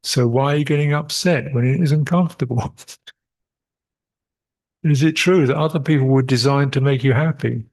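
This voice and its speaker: A man's voice: mid-range voice, normal speed, long pauses, darkish tone. An older man, a Buddhist monk, answering questions at a meditation retreat, reflective, repeating short phrases and chuckling often. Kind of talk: retreat Q&A dharma talk.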